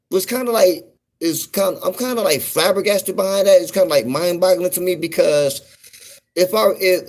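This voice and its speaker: Laid-back man rambling on a livestream. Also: fairly high pitch. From US West Coast. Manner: laid-back, drawn-out, constant "you know what I'm saying". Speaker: livestream host. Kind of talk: casual livestream monologue.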